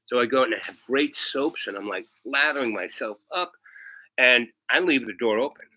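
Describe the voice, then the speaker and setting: A man's voice: mid-range voice, lively intonation, moderate pace, sharp tone, rough recording. A man telling a rambling comic anecdote, often tagging his lines with "right?". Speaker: storyteller.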